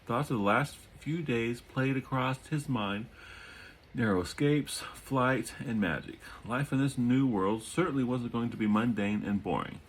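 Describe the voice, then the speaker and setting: A man's voice: medium pitch, a little slow, slight background noise, low-quality recording. Man reading his own novel aloud. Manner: relaxed, self-correcting, repeats words. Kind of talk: audiobook reading with casual asides. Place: home during a thunderstorm.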